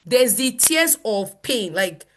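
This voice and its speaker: Nigerian woman, pastor; lively conversational teaching, acts out quotes. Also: fairly high pitch, slow. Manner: animated, laughs often, quotes people in voices.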